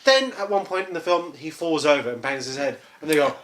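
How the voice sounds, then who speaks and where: A podcast co-host telling stories with lively, swooping pitch and a bright edge. The talk is indignant and full of swearing. The recording is roomy, with a faint hiss behind it. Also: brisk, hardly any pauses. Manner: animated, indignant storytelling, swears freely. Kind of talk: casual chat. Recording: echoey room with faint noise.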